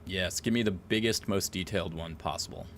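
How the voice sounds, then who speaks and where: A man streaming live, chatting casually in an excitable, rambling way and swearing a lot. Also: sits low, brisk, a little hiss or hum.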